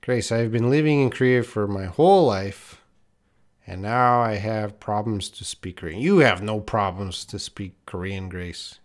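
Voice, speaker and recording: A man's voice: fairly low pitch, a little slow. A man teaching English on a live stream, reading out viewer questions and answering them bluntly. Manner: reads viewer questions aloud and corrects them, blunt and direct.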